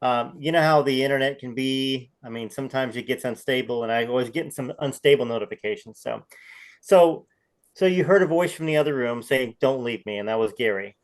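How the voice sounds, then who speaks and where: A man's voice: medium pitch, brisk, poor audio. Guy interviewing someone over a video call, brief nods and follow-up questions. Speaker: interviewer, channel host.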